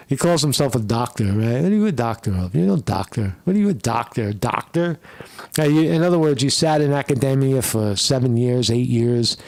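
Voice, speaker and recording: A man's voice: medium pitch, expressive, fairly quick, darkish tone, no echo. A man from the United States hosting a ranting political commentary show, profane and combative, tagging his points with questions. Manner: profane, combative, repeats "right?" tags.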